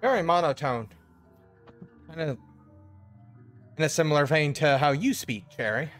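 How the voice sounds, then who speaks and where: A man's voice: fairly high pitch, lively intonation, normal speed, fairly bright tone, soft background music. A man playing a tabletop game over a call who jokes and narrates his character's actions in third person. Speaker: player. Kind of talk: casual tabletop role-play.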